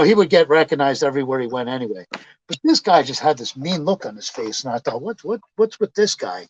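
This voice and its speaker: A man's voice: mid-range voice, background noise. A man telling rambling, profane anecdotes in casual chat, laughing as he goes. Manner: rambling, swearing, laughing storyteller. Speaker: storytelling guest. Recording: dull lo-fi dry sound.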